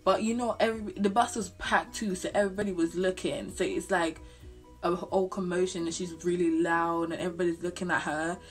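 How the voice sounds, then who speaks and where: A woman's voice: lowish voice, fairly quick, soft background music. A young woman telling a storytime vlog, full of slang and swearing. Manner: animated, slangy, swears freely. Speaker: vlogger.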